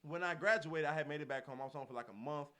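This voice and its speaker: Fast-talking animated young man. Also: fairly high pitch. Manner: animated storytelling with acted-out quotes and frequent laughter. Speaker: podcast co-host. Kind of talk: casual chat.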